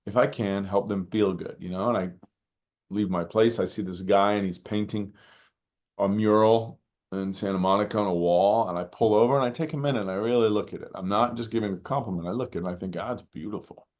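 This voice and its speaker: A man as a podcast guest, telling reflective personal stories with animated, acted-out moments and many "you know" fillers. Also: lowish voice, a little fast. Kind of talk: reflective storytelling in conversation.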